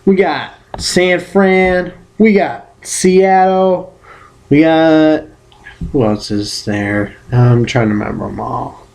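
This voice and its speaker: A man's voice: on the high side, slow pace, vocal fry, a little mellow. A man in a casual solo vlog giving sports predictions, rambling and correcting himself with playful exclamations. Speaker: vlogger giving football predictions.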